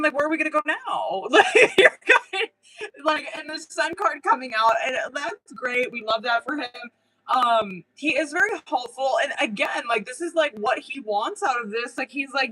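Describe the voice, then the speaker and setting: Bright-voiced young woman reading tarot live. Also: high voice, breathy edge, poor audio. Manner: chatty, casual and profane, full of "like" and "um"; animated, laughing often. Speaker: tarot reader.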